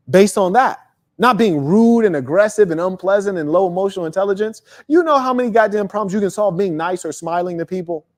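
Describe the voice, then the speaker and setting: A man hosting a live talk, telling profane, animated stories and acting out quotes. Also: sits high. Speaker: host and speaker.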